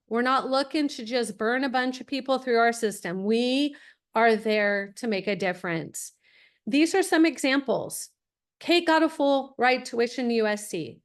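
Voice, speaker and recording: A middle-aged woman hosting a webinar on college planning, telling family stories in a lively way and acting out the voices she quotes. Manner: animated, acts out quoted voices with big pitch jumps. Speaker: webinar host and college consultant. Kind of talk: lively storytelling presentation.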